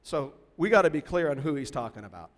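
Male pastor, sermon delivery: high voice, deliberate emphatic stresses, reverberant hall. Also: very animated. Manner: emphatic, slow and deliberate, building to loud stresses.

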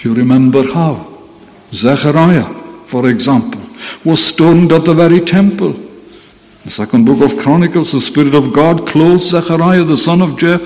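A man preaching a sermon in a slow, deliberate way, with emphatic repetition. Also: fairly high pitch, darkish tone, big-room sound, rough recording.

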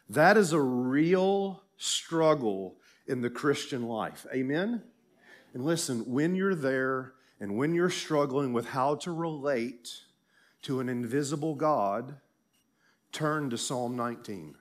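A man's voice set high for his sex carries this sermon, delivered at an unhurried, measured pace. He preaches with emphatic fervor, pausing often and repeating key phrases for weight. He speaks as a pastor addressing his congregation in a church. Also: animated. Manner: emphatic, rising into fervent declarations; speaks slowly with many pauses and repeated phrases.

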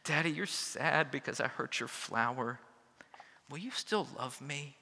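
A small, remorseful girl speaking in a soft, hushed way, read aloud by a man. The voice stays near his own, with a bright edge. A long church reverb hangs behind it. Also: medium pitch, a little slow, creaky, husky, heavily acted.

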